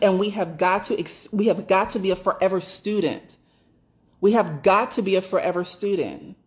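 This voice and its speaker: A woman speaks in a mid-pitched voice, giving a casual motivational talk about doula business. She drives points home by repeating them and swears freely. Now and then she rushes through imagined inner thoughts. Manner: emphatic, repeats phrases for stress, swears freely; acts out inner thoughts in quick rushed asides.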